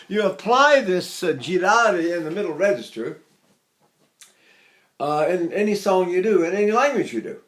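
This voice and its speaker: An older male voice teacher with a high-pitched speaking voice. He talks in a loose, chatty way, stopping often to sing short syllables as demonstrations. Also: lively intonation, normal speed. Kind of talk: vocal lesson with sung demonstrations.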